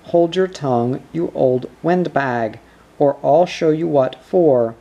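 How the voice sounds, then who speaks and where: An indignant old barrel organ grinder with a long white beard, from a storybook. A reader voices him at a slow pace, firm and protective. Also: mid-range voice, mellow, dull audio.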